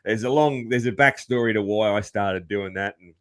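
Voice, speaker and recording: Man, podcast host, low voice, easygoing, laughing. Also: normal speed. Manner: laid-back, laughs often, says "man" a lot. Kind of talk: casual interview chat.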